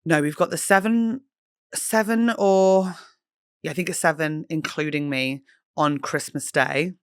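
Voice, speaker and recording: A woman's voice: deep voice, a little slow, clear, resonant tone, dry recording, clean studio sound. A woman hosting a podcast, chatting casually in a jokey, self-mocking way and swearing freely. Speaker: podcast host. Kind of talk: casual chat.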